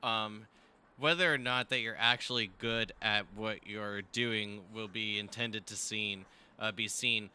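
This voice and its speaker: A man's voice: fairly low pitch, fairly even intonation, measured pace, pushed and bright, a little hiss or hum. A man running a tabletop game as game master over voice chat, hesitant and full of fillers, laughing easily.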